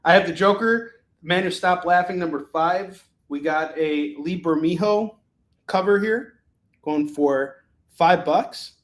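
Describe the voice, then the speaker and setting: A man hosting a live comic sales show, calling prices and boasting jokingly about his pitches. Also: echoey room. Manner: boastful, joking, rapid item calls.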